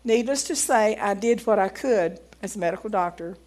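A woman's voice: mid-range voice, moderate pace. A woman giving a folksy sermon, reading aloud from a book and growing emphatic as she preaches. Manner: folksy, grows emphatic and loud when preaching.

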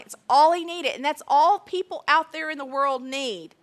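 A woman preaching a sermon, emphatic and deliberate, repeating key phrases. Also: sits high.

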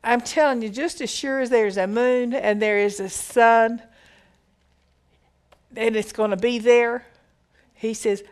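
A woman's voice: on the high side, steady tone, takes it slowly, long pauses, clean tone. A woman giving a conversational Bible teaching, reading verses aloud and explaining them with emphatic repetition.

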